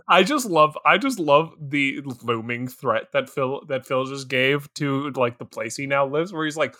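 A man co-hosting a podcast in casual chat, excitable and laughing often. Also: mid-range voice, measured pace. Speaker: podcast co-host.

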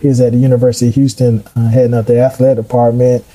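Man telling his career story, mellow voice. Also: medium pitch, rapid-fire, rough recording. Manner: animated, acts out quoted voices. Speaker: guest. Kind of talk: casual storytelling.

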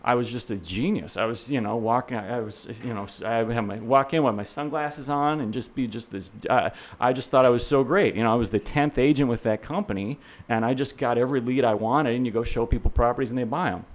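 A man's voice: mid-range voice, quick pace, few pauses. A middle-aged man, a real estate instructor, telling rambling anecdotes as an interview guest, full of fillers and restarts, acting out the people he quotes. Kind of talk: casual storytelling in an interview.

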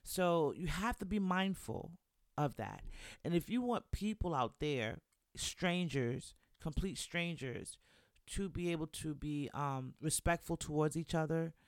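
A man's voice: on the high side, expressive, a little slow, no room sound, studio quality. A young man hosting a solo podcast in a casual, chatty way. He keeps encouraging his listeners and checking in with them. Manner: chatty and encouraging, constantly checking in with "right?" and "you know". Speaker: podcast host.

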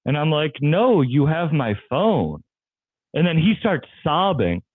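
Guy comedian telling crazy stories, keeps laughing, kinda high voice, sounds like a phone call. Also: measured pace, husky, no echo. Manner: laughs often while telling stories, excitable. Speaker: comedian guest. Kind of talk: casual storytelling chat. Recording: tinny phone-like line, dry.

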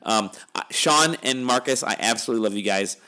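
A man's voice: medium pitch, brisk, bright, forceful tone. A middle-aged man hosting a podcast, talking in a wry, weary, rambling way as he wraps up the episode. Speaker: podcast host. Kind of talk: casual podcast chat.

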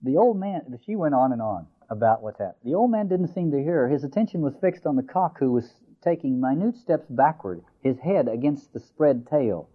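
A man's voice: mid-range voice, animated. Man lecturing over tinny phone-like audio. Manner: reads passages slowly, then explains in a discursive way with fillers. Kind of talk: lecture with story reading.

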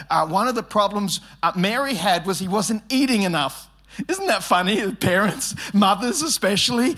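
A man's voice: high-pitched, fairly bright tone. A middle-aged man preaching a sermon at church, mixing humor with scripture and acting out family conversations. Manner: humorous storytelling, acts out family dialogue. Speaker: pastor.

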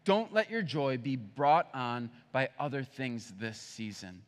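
A young man preaching a sermon in a relaxed, conversational way, with playful acted asides. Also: mid-range voice, measured pace. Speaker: pastor. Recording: long hall reverb.

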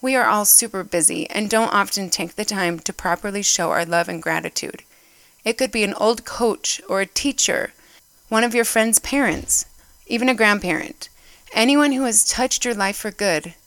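A woman's voice: mid-range voice, moderate pace, a bit bright, no room sound. A woman giving an earnest devotional talk, reading a story aloud and getting emotional as she goes. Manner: emotional, earnest, gets choked up. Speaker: church speaker.

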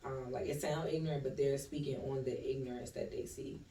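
A man's voice: mid-range voice, steady tone, brisk, dark tone, distant mic. A man in a casual group chat giving earnest, opinionated views in a reflective tone. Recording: roomy sound from off-mic.

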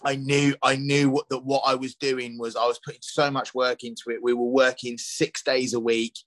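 A man's voice: mid-range voice, little pitch movement, normal speed, fairly bright tone, no echo, low-quality recording. A middle-aged man, a chef guesting on a podcast, telling his story casually with many restarts and fillers. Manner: rambling, with many restarts and "you know" fillers.

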